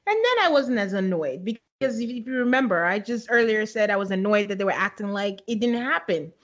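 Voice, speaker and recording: A woman's voice: medium pitch, lively intonation, a little fast, lo-fi sound. A woman co-hosting a podcast in casual chat, recapping a show, laughing often and quoting people as she tells it. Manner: chatty, laughs often, quotes people in her retelling.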